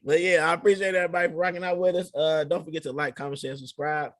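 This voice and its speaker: A man's voice: on the high side, level tone, quick pace, dry recording, clean studio sound. A young adult man hosting a casual podcast, telling stories loosely in heavy slang with plenty of swearing. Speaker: podcast host.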